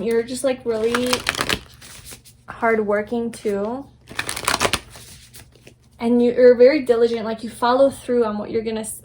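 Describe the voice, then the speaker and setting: A woman's voice: fairly high pitch, background noise. A young woman giving a casual pick-a-card tarot reading, rambling and affirming, with many fillers and restarts. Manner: soft, affirming, gentle delivery. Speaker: tarot reader.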